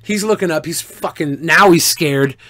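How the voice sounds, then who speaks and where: A man streamer answering viewer questions in casual, animated storytelling, profane and boastful. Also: a little high, normal speed, no echo.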